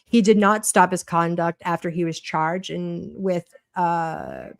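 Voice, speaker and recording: A woman's voice: fairly low pitch, fairly even intonation, measured pace, gravelly, dry recording, studio quality. A woman with a Boston accent hosting a casual livestream, chatty and blunt, swearing freely while she reads a court document aloud. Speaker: livestream host.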